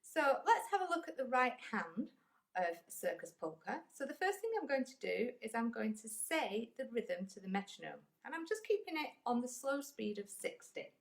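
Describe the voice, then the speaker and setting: A woman's voice: on the high side, very animated, moderate pace, creaky. A woman music teacher giving a patient, encouraging lesson and counting rhythms aloud.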